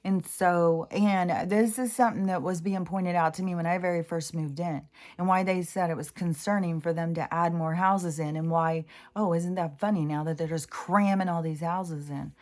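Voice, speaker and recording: A woman's voice: fairly low pitch, steady tone, moderate pace, few pauses, a little mellow. A woman speaking in a casual spiritual monologue, rambling and interrupting herself as she tells a story. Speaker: spiritual vlogger. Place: home near mountains in Washington State.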